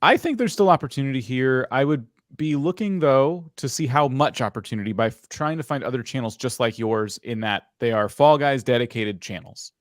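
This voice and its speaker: A man's voice: medium pitch, moderate pace, few pauses, no echo, clean studio sound. A man hosting a live review of video channels, talking casually and frankly as he thinks aloud.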